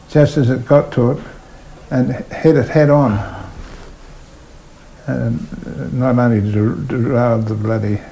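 A man's voice: mid-range voice, vocal fry, slight background noise, poor audio. An older Australian man, a retired train driver, telling stories in an oral history interview and voicing the people in them. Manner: animated yarn-spinner, voices people in his stories.

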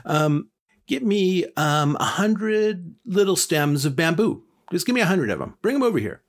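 A chill, slang-talking Buddha in a spoken folk tale, as a man puts him on. He sounds relaxed and friendly, pitched up high with a bouncy, lively lilt. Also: normal speed. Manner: slangy, easygoing, higher pitched. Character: laid-back surfer-dude male Buddha.

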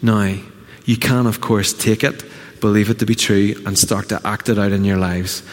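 A man's voice: fairly low pitch, fairly even intonation, normal speed, long reverb tail. A man from Northern Ireland preaching a sermon as pastor, earnest and exhorting, putting direct questions to the congregation. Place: church hall.

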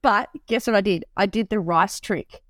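A woman's voice: medium pitch, moderate pace, a bit bright, no echo, clean studio sound. A woman, co-hosting a podcast in casual chat, laughing often and telling stories with animation. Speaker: podcast co-host.

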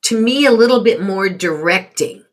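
A woman's voice: medium pitch, lively intonation, moderate pace. A middle-aged woman advising on parenting in a conversational interview, reflective and acting out quoted remarks in changed voices. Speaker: parenting guest.

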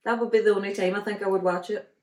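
A woman's voice: medium pitch, fairly even intonation, rapid-fire, a little mellow, reverberant. A woman with a Derry accent from Northern Ireland, co-hosting a casual podcast with her husband at home, chatty and teasing and often laughing. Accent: Northern Irish, Derry. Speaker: podcast co-host. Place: home kitchen.

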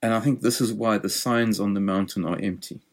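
Male preacher, lower register, reflective expository sermon delivery. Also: fairly even intonation, brisk. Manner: thoughtful, explanatory preaching.

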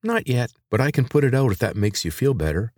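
Man doing a blunt sarcastic teen girl, raised pitch, lively swoops, dry close sound. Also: a little fast, dry recording. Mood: brisk, impatient. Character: sharp-tongued teenage girl inventor.

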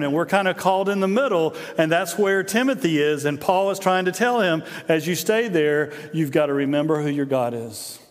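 A middle-aged man preaching a sermon as a pastor, in a conversational, joking storytelling manner that often repeats "and, and". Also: fairly high pitch. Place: church sanctuary. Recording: long hall reverb in a church.

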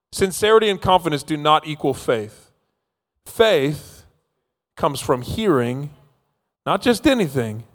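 A man preaching a sermon, telling stories playfully and acting out the scenes. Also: on the high side. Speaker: pastor. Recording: long reverb of a large hall.

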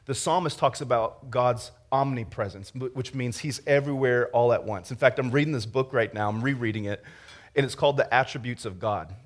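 Casting: a man as a pastor, easygoing storyteller, mid-pitched voice, sermon delivery. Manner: conversational, storytelling with restarts and laughter.

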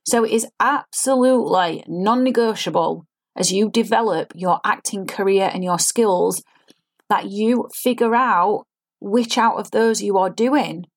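A woman's voice: mid-range voice, measured pace. A woman, an acting coach giving an earnest, explanatory spoken lesson and demonstrating line readings.

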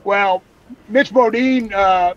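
Speaking slowly in a high-sitting voice, a man appears as a guest and enthusiastically promotes an event during casual chat. The audio comes through a dull remote feed carrying faint noise.

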